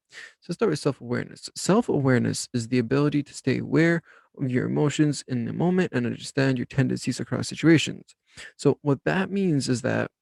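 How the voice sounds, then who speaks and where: A young man with a gravelly, middle-pitched voice hosts a self-help podcast. He tells his story in a relaxed, rambling way, full of fillers and restarts. The sound is dry and close, with no room echo. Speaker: podcast host.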